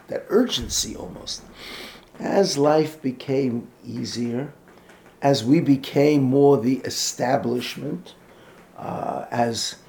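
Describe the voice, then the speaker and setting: A man giving an earnest, halting talk on raising children in a religious community. He restarts often, sprinkles in Yiddish and Hebrew words, and drops almost to a whisper to stress a point. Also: mid-range voice, vocal fry, darkish tone, slight background noise. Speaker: speaker on Jewish education. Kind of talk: informal talk or lecture.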